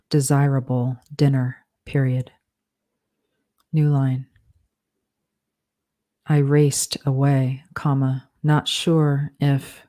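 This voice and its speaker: A woman reads her own fiction into a dictation app, naming each comma, period and undo as she goes. Her voice sits very low and dark, and she keeps it flat and unhurried, pausing between short phrases. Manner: slow, deliberate phrasing, saying punctuation and edit commands. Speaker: author dictating a novel. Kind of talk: dictating prose aloud with spoken punctuation.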